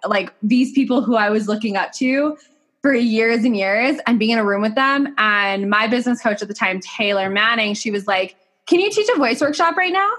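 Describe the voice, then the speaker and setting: A woman voice coach in a casual podcast chat, talking in a chatty, animated way, swearing freely and acting out quotes. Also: medium pitch, moderate pace.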